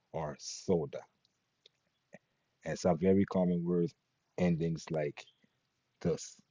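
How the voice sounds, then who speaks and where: A man teaching Latin pronunciation, patiently spelling out letters and sounds with a husky voice. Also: low-pitched, mellow, dry recording. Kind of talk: pronunciation lesson. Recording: dull lo-fi recording.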